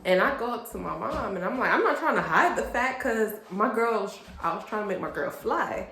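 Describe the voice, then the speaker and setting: A woman in her late twenties from a Haitian family, telling a personal story in an animated, expressive storytime vlog. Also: a little high, moderate pace, noisy background. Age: late 20s. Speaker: vlogger. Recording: roomy echo.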